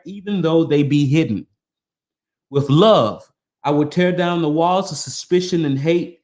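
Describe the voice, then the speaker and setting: Pitched on the high side with a darker tone, this man hosts a podcast. He delivers a motivational passage with earnest emphasis and drifts into offhand comments between lines.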